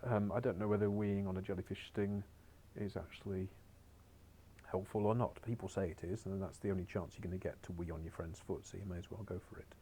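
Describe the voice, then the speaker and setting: A man's voice: sits low, steady tone, a little fast, warm tone, a little hiss or hum. A man teaching a beginners' Spanish lesson on a recorded screen share, chatty and encouraging with wry asides.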